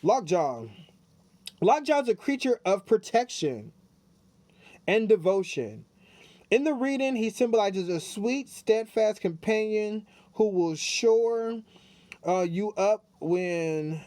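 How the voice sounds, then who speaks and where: Man, high voice, tarot reader, casual chatty reading, repeats himself, dry close sound. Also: expressive, slow pace, long pauses, darkish tone, no room sound. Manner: chatty, repeats himself, talks straight to viewers. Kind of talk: casual spiritual card reading.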